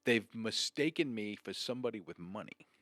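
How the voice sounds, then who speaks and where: A man's voice: fairly low pitch, expressive, moderate pace, fairly bright tone, no echo. A man co-hosting a casual podcast who reads news aloud, and who makes dry, wry remarks while correcting his partner. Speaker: podcast co-host.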